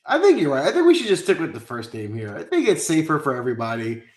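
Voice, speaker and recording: A man's voice: on the high side, wildly swooping pitch, quick pace. A man giving fantasy golf picks in a casual live chat, confident and conversational. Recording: roomy echo.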